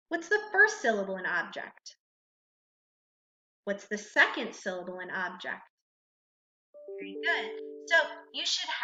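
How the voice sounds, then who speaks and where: A woman teacher with a high, bright voice walks through a spelling lesson, slowly and carefully breaking words into syllables. The recording is roomy and echoey, with a dull, lo-fi sound. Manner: slow, deliberate, sounding out syllables.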